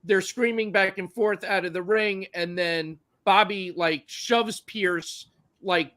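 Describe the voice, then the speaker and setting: A man's voice: sits high, slow, bright, forceful tone. A man co-hosting a wrestling podcast, recapping matches in a rambling, profane way with plenty of fillers. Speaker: podcast co-host. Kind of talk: casual wrestling chat.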